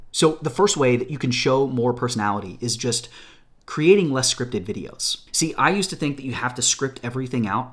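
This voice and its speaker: A man speaks straight to camera as a coach, his voice sitting at a middle pitch. He talks energetically and gestures with his hands as he explains his tips, in a casual, unscripted way. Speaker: social media coach. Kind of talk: direct-to-camera tips video. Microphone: phone or camera, recorded at home.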